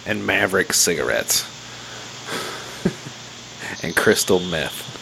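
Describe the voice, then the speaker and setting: A man's voice: sits low, lively intonation, takes it slowly, vocal fry. A man in casual, crude banter, swearing freely and laughing often. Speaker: co-host of casual drinking chat. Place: home with a baby. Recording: noisy home recording.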